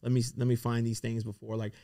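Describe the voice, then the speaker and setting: A man co-hosting a podcast in relaxed, teasing conversation. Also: medium pitch, quick pace, creaky, no room sound, clean studio sound. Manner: conversational, teasing, laughs often. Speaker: podcast co-host. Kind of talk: casual chat.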